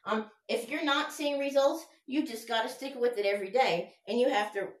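A woman's voice: on the high side, normal speed. A woman preaching an informal sermon in an earnest, conversational way. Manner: earnest, conversational, fumbles while looking up verses. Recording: echoey room.

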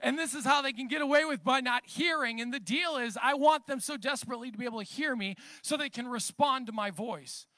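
A man's voice: very high-pitched, a little fast, few pauses, bright, forceful tone, dry recording. A pastor in his thirties preaching a sermon, talking conversationally and then building into emphatic declarations.

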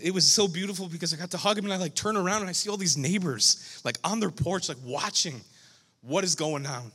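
A man who is a pastor, telling a story during a sermon with animated, emotional delivery. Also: high voice, fast talker, slightly rough, in a large hall.

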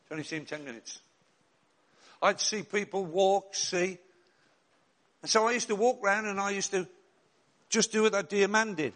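A middle-aged man preaching a sermon as pastor, telling stories and slowing down to stress key words. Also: high-pitched, a bit bright. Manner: storytelling, slows and rises for emphasis.

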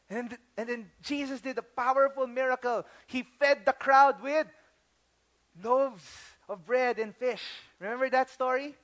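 Man, pastor, Filipino accent, very high voice, animated storytelling sermon, slips into Tagalog. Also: moderate pace. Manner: animated storytelling, acting out quotes; mixes English with Tagalog phrases.

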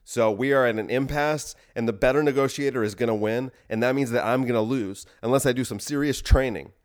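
A man hosts a podcast alone, wandering through a comic monologue. He talks in a rambling, self-deprecating way, and his voice sits at an ordinary middle pitch. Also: fairly quick. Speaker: podcast host.

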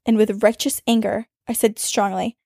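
A woman podcast host reading a listener's ghost story aloud, with dramatic storytelling that speeds up and slows down for suspense. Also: medium pitch, steady tone, creaky, a little mellow, dry recording, studio quality.

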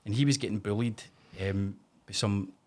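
A middle-aged Glaswegian man in casual podcast chat, telling sweary, animated stories about his kids. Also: lowish voice, normal speed. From Scotland. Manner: sweary, animated storytelling with put-on voices.

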